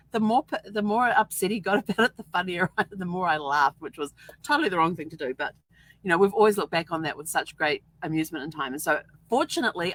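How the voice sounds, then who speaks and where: A middle-aged woman with a fairly low voice tells a story in a casual, chatty vlog. She laughs often as she talks. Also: fairly bright tone, low-quality recording. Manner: chatty, laughs often while telling stories. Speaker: vlog host.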